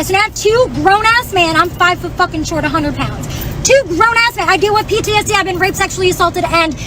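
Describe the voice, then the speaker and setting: A woman ranting loudly and profanely about a store argument, recorded outdoors in a parking lot on a phone. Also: very high voice. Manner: loud, profane, indignant rant. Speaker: customer ranting on video. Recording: noisy street sound.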